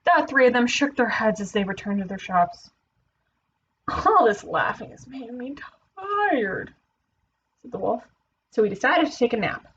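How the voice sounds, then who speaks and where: A woman teacher reading a children's picture book aloud, playful and expressive. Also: mid-range voice, highs cut off, slight background noise.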